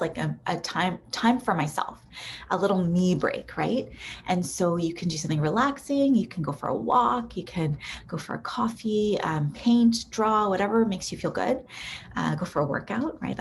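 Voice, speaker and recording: A woman relationship therapist giving a recorded workshop in a conversational teaching style, often checking in with "right?" and filling pauses with "um". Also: mid-range voice, gravelly, a little hiss or hum. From Canada.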